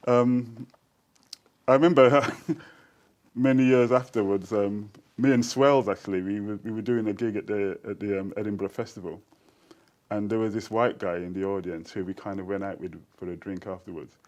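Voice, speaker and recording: A man in his sixties with a Birmingham accent flavoured by Jamaican speech, talking in a fairly low voice. He tells stories in an animated, easygoing way, laughing often and slipping into quoted voices. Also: moderate pace. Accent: Birmingham English with Jamaican influence. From Birmingham, England. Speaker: interview guest, poet. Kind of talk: casual storytelling interview.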